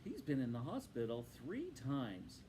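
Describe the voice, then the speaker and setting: A man's voice: medium pitch, huge pitch swings, a little slow, warm tone, slight background noise. A man voicing a timid little male mole in a storybook read-aloud, sounding fretful and earnest.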